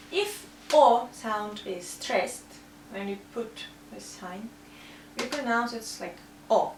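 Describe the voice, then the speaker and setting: A woman with a Russian accent teaching a language lesson, saying example words slowly and carefully. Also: fairly high pitch, distant mic. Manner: careful, drawn-out demonstration of words. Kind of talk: slow spoken language lesson. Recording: echoey room, voice from off mic, faint hum.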